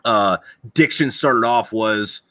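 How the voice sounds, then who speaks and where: Man, podcast host, bright forceful voice, dry close sound, rambling, swears a lot. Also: lowish voice, takes it slowly, no room sound. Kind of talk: casual chat.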